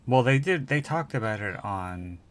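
A man co-hosting a podcast, chatting casually about a film, slow and hesitant with crude humor. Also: medium pitch, animated. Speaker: podcast co-host.

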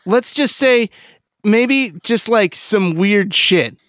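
A man's voice: sits high, expressive, takes it slowly, a bit bright, no echo, clean studio sound. A man co-hosting a podcast, playful and crude in casual chat. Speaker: podcast co-host.

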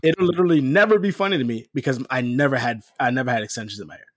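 A man's voice: medium pitch, racing, dry recording, clean studio sound. Insistent man defending himself. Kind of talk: casual group chat.

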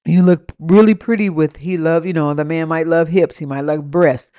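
A woman's voice: low-pitched, fairly even intonation, normal speed, warm tone, dry recording. A young adult woman hosting a podcast, telling a story and giving dating advice in a casual rant with blunt, profane remarks and laughing asides. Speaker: podcast host.

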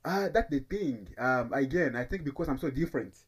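Husky laid-back African comedian man. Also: medium pitch, expressive, fairly quick. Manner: laid-back, repeats himself, says bro a lot. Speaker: stand-up comedian. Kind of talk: casual podcast chat.

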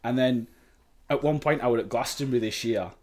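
Over a noisy crowd, a podcast guest talks briskly in a mid-range voice with a Sheffield accent. The young Englishman spins a casual story packed with swearing and laughter.

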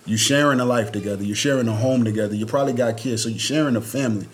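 A man's voice: medium pitch, racing. A young man co-hosting a casual podcast chat, laid-back and slangy, laughing often. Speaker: podcast co-host.

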